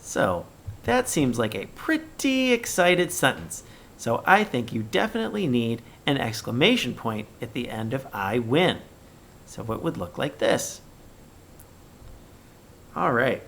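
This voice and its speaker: A man teaching young children in a recorded remote lesson, speaking slowly and deliberately and reading example sentences with exaggerated expression. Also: mid-range voice, big pitch swings, fairly bright tone, a little hiss or hum.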